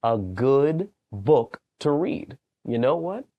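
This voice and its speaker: A man working as a library storyteller, reading bedtime stories to young children in a gentle, animated way. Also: mid-range voice, slow pace, no echo, highs cut off.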